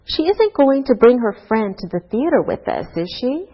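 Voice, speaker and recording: A woman teaching an English grammar lesson to a class, speaking slowly and deliberately through example sentences. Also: a little high, big pitch swings, breathy edge. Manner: slow, deliberate teacher talk with rising and falling example tags. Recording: dull lo-fi course recording.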